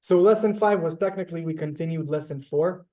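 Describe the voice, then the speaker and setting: Male teacher, casual and talky, a bit high-pitched, video-call sound, lots of ums and restarts. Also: brisk, low-quality recording. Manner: relaxed, chatty, many fillers and restarts. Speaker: Hebrew teacher. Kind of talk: casual online class teaching.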